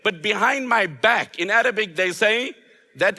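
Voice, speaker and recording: A man's voice: sits high, a little slow, bright, forceful tone. A man, an Islamic scholar, delivering an emphatic sermon with rhetorical repetition. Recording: long hall reverb.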